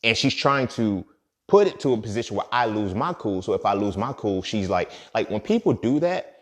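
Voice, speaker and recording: A young man with a lowish voice speaks in a casual, unscripted monologue. His talk is streetwise and laced with profanity, and he keeps checking in with the listener as if they were sitting with him. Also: expressive, moderate pace. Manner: streetwise, profane, repeats "you feel me". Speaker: podcast host.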